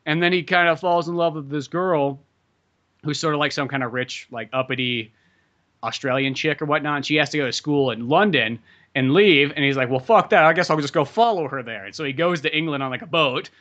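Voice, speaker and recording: Male podcast host, quick and sharp-toned, loose and profane, acts out quotes; dull lo-fi sound. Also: on the high side. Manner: rambling, swears a lot, acts out quotes. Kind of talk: casual chat.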